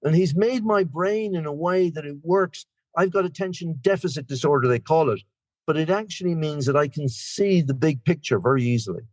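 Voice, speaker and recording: A guest speaker at a recovery meeting, an Irish man in his sixties with an Irish accent, joins by video call and talks in a rambling, chatty way, poking fun at himself. His voice is fairly high, animated and a little fast, with no room sound.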